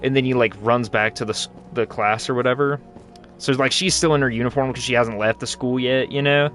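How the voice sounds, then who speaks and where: A man's voice: mid-range voice, fairly even intonation, a little fast, fairly bright tone. A young man casually commenting while playing a game, rambling, slangy and joking. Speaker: gaming channel host. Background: game music.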